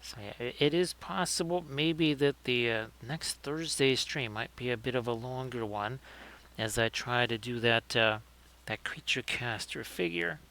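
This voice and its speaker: A man's voice: mid-range voice, a little slow, creaky, bright, forceful tone. A man hosting a livestream, chatting casually and joking as he talks through painting his miniatures. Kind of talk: casual live commentary.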